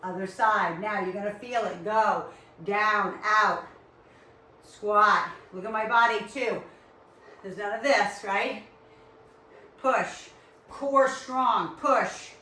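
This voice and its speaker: A woman's voice: mid-range voice, fairly even intonation, slow, bright, forceful tone. Echoey Rhode Island fitness instructor woman. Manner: upbeat, encouraging, counts reps aloud. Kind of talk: live workout class coaching. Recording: very echoey room, far from mic.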